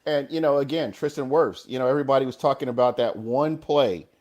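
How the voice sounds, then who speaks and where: A man's voice: medium pitch, a little fast, a little mellow. Agreeable man on sports talk show. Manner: agreeable, restarts words, uses "you know". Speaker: co-host.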